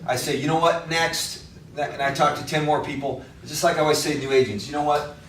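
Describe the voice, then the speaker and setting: A man's voice: on the high side, fairly even intonation, racing, slight background noise. Male trainer at a workshop, plain straight talk, heard from across a reverberant room. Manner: blunt, conversational, coaching. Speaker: real estate trainer. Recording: echoey room from far off.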